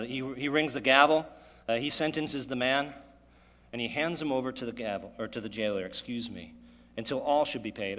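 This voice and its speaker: A man preaching a sermon, animated and full of rhetorical questions, his voice echoing in a church hall. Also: medium pitch. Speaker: pastor.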